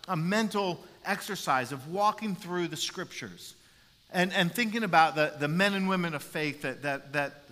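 A man preaching a sermon as a pastor, animated and repeating words as he builds his points. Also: sits high. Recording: long reverb in a large hall.

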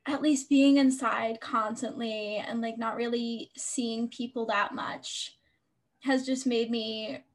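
A woman's voice: on the high side, steady tone, takes it slowly. A young woman co-hosting a podcast, chatting casually with a joking, filler-heavy manner. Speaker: podcast co-host. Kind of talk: casual chat.

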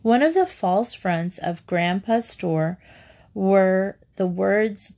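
A woman reading a children's book aloud in a slow, even narration. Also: medium pitch.

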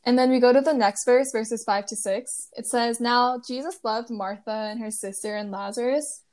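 A young woman with a slightly high voice walks through a Bible story in easy, casual talk. She keeps it plain and friendly and laughs softly at the odd parts. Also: normal speed. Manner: retells scripture plainly with light laughs. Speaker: co-host retelling a Bible story. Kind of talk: casual Bible study chat.

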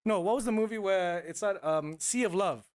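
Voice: medium pitch, fairly quick. A podcast co-host chatting casually and playfully, often slipping into mock voices. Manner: playful, does mock voices when quoting. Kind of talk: casual chat.

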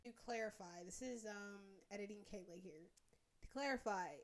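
A young woman hosting a podcast, telling a story in a casual, animated way with plenty of swearing. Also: mid-range voice, moderate pace. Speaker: podcast host.

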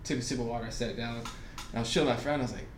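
A man's voice: mid-range voice, fairly even intonation, very fast, reverberant, slight background noise. A young man in casual chat, laid-back, laughing often and swearing casually. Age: young adult.

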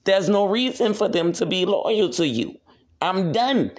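A man rants alone on his podcast, in a voice a touch higher than most men's. He preaches at his listeners and curses constantly. He circles back to repeat each point. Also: sing-song, unhurried. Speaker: podcast host. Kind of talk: solo rant monologue.

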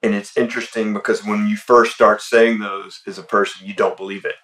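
A man who is a podcast guest, speaking in a relaxed, reflective way and often softly. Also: on the low side, fairly quick, recorded from a distance. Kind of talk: casual podcast conversation.

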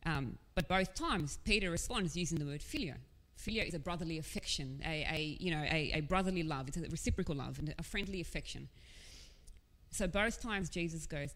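A woman with a low voice delivers a sermon, earnest and conversational, dropping casual asides as she goes. Her words ring out with a long reverb, as if spoken in a large hall. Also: a little fast, a bit bright. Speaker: preacher.

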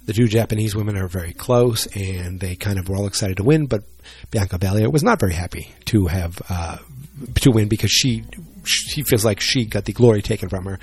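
Rambling, joking man with a low voice. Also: fairly quick, hardly any pauses, a little mellow, husky. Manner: rambling, joking, self-deprecating. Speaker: solo wrestling vlogger. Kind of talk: casual rambling chat.

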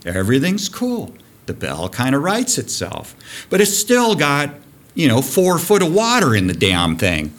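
A man in his fifties, a diving program director, telling a dive story on a podcast guest spot, animated and profane. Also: mid-range voice, measured pace. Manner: animated, profane storyteller who acts out shouting.

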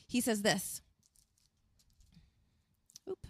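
A woman preaching a sermon as a pastor, earnest and animated, acting out quotes as she tells the story. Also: extremely slow, no room sound. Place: outdoors in wind.

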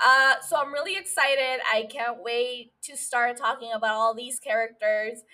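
Woman, solo podcast host, casual recap, emotional, profane, bright tense tone. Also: a little high, moderate pace, few pauses. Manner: emotional, profane, animated storytelling.

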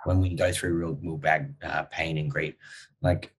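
A man's voice: extremely low pitch, steady tone, measured pace, husky, poor audio. A man hosting a podcast, chatting casually and reflectively with his guest. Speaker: podcast host. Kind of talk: casual interview chat.

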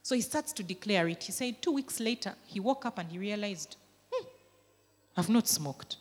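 A woman pastor preaching a sermon, with emphatic swells of intensity that drop back to quieter, conversational stretches. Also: medium pitch, lively intonation, moderate pace, in a large hall.

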